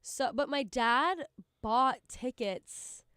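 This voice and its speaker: A woman's voice: sits high, extremely slow, a bit bright, clean tone, dry recording, studio quality. A young woman co-hosting a casual sports chat, recounting things conversationally and often restarting her sentences. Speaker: sports show co-host.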